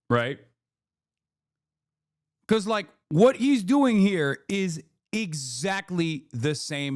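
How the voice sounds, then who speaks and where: Man, streamer, reaction commentary, profane, emphatic, high voice, dry close sound. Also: no echo.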